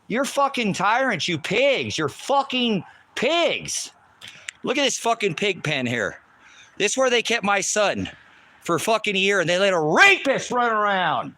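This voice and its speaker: A man rants on a live stream outside, cursing over and over in a bright, piercing voice that sits a bit high for a man. He is agitated and keeps circling back to the same complaints, picked up by a handheld phone. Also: sing-song, measured pace, a little hiss or hum. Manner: heavy swearing, repetitive and agitated. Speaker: livestreamer. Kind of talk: angry live-stream rant.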